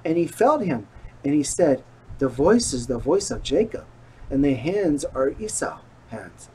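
A man reading a long Bible passage aloud in a slow, deliberate way, with small slips and restarts. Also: fairly high pitch, very animated, a little mellow, breathy edge, low-quality recording. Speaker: scripture reader.

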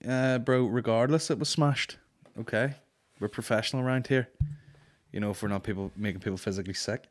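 A man's voice: mid-range voice, fairly quick. A man hosting a comedy podcast, chatting casually in a profane, rambling, mocking way.

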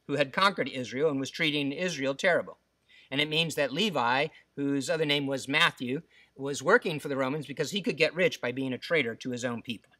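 A man delivering a sermon as pastor, his voice pitched a bit high. He acts out the quoted lines with dramatic swings and sinks to hushed emphasis on key words. The sound is dry, picked up from a little way off the mic. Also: no echo, far from the mic. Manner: dramatic preaching, acting out quotes, dropping to soft emphasis.

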